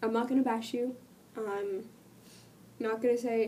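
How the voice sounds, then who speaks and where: A woman's voice: fairly high pitch, steady tone, normal speed, mellow, recorded from a distance, a little hiss or hum. Sick woman with a cracking voice. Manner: earnest and rambling, with many ums. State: sick, voice cutting in and out. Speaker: vlogger. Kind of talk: casual talk to camera.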